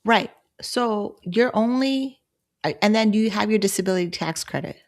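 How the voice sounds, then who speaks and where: Woman livestream host, out of breath, gravelly fry, casual chatty questions. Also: mid-range voice, normal speed. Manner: chatty, asks direct questions.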